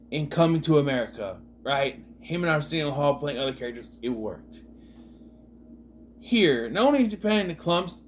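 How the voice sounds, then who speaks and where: A man's voice: medium pitch, a little hiss or hum. Rambling man reviewing a film. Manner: rambling, many restarts and fillers. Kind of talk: casual film review vlog.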